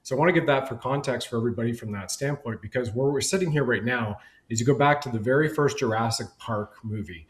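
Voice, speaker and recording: A man's voice: mid-range voice, fast talker, hardly any pauses, echoey room, low-quality recording. A man speaking as a guest on a panel discussion, rambling and emphatic in long run-on sentences over a video call.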